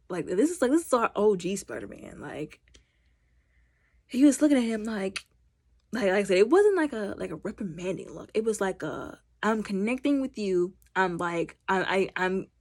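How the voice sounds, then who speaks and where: Chatty woman reviewer, expressive, acts out scenes as she recaps. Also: mid-range voice, normal speed, slightly rough. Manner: animated, acts out movie characters in quotes; heavy use of fillers like "like" and "you know". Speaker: movie reviewer.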